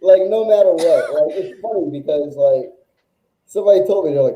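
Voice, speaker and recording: A male music journalist, a guest on a talk show, telling stories in a casual, animated, rambling way that is full of "like". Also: fairly high pitch, brisk, reverberant, muffled recording. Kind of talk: casual storytelling chat.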